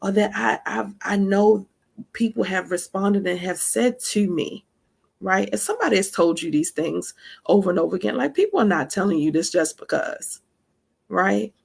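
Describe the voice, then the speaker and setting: Woman, gravelly and husky, chatty teacher who keeps checking in with listeners. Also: medium pitch, moderate pace. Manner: conversational, addresses listeners directly with frequent asides; emphatic, laughs between points. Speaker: spiritual teacher. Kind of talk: casual teaching talk.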